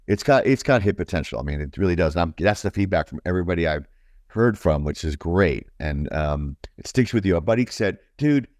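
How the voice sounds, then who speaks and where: A man from New York with a deep baritone voice talks about music as an interview guest. He rambles with lots of fillers and enthusiasm. The sound is dry and close. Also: lively intonation, fairly quick, a little mellow, no echo. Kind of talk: casual interview chat.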